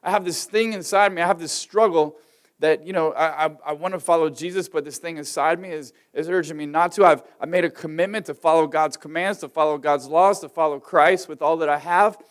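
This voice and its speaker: A man's voice: fairly high pitch, steady tone, brisk. A man, preaching a sermon in a folksy, rambling storytelling way with many fillers. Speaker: pastor.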